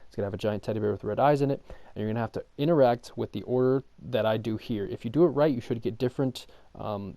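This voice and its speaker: A man's voice: on the low side, creaky, warm tone, no echo. A man giving a casual gameplay walkthrough. He explains each step in a rambling way, full of ums, and raises his voice at times to talk over the game's music. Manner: rambling, filler-heavy explanation with frequent ums. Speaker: game walkthrough guide. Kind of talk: casual gameplay tutorial commentary.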